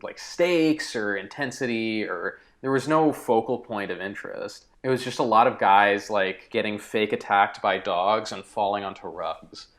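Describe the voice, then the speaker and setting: Male co-host, lowish voice, casual profane film chat. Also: moderate pace, hardly any pauses, fairly bright tone. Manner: loose, profane, filler-heavy. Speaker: podcast co-host. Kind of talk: casual movie review chat.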